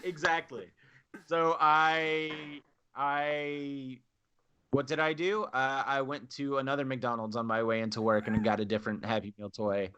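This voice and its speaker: Bright-voiced man telling a story. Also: mid-range voice, unhurried, clean tone, muffled recording. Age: 30s. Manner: animated, acts out both sides of his anecdotes. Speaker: podcast co-host. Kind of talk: casual storytelling chat.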